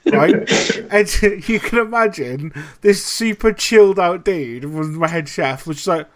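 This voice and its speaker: A man co-hosting a casual podcast, telling animated, sweary stories. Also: high-pitched, unhurried. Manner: animated storytelling, heavy swearing. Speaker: podcast co-host. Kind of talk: casual chat.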